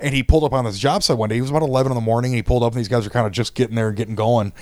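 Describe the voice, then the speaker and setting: A man's voice: mid-range voice, steady tone, rapid-fire, no room sound, studio quality. A man co-hosting a podcast, telling a long anecdote in a loose, swearing, laughing way. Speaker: podcast co-host. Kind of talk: casual chat, storytelling.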